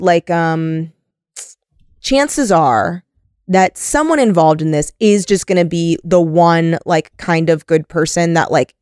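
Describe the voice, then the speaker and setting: A young woman chats on a podcast, animated and loose, with lots of "like" as she tells a story. She sits close to a dry studio mic with no room sound. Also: fairly low pitch, no room sound. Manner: chatty and animated, heavy use of "like". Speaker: podcast co-host. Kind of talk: casual chat.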